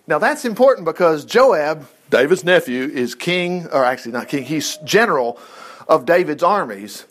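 A middle-aged man preaching an informal sermon, folksy and animated, with chuckling asides to the congregation. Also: fairly high pitch, moderate pace. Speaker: pastor.

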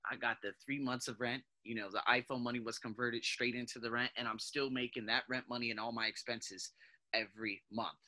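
Bright-voiced man talking to listeners. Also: medium pitch, fairly quick. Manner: animated, talks to listeners as "guys", restarts and self-corrections. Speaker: podcast host. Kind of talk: casual motivational monologue.

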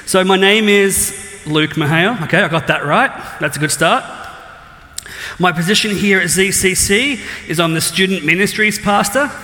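A man's voice: sits high, normal speed, sharp tone. A man in his thirties with an Australian accent, a student ministries pastor joking with the congregation and quizzing them at the start of a sermon. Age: 30s. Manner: joking, self-deprecating, quizzes the crowd. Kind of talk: casual sermon opening with audience quiz. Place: church auditorium. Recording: long hall reverb in church.

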